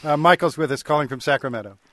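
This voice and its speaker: Fast-talking radio host, higher voice. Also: male voice, a bit bright, no room sound. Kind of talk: radio interview hosting.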